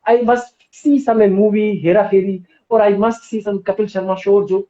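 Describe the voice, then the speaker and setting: A woman's voice: medium pitch, normal speed. Woman, Indian English accent, yoga instructor, persuasive, roomy lo-fi live stream audio. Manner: animated and persuasive, asks the audience questions. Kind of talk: live-streamed wellness talk. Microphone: phone or laptop mic on a live stream.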